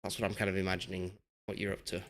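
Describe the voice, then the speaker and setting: A man's voice: low voice, little pitch movement, rapid-fire, fairly bright tone. A young man from Yorkshire chatting casually while live-streaming a football management game and reading chat aloud. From Yorkshire, England.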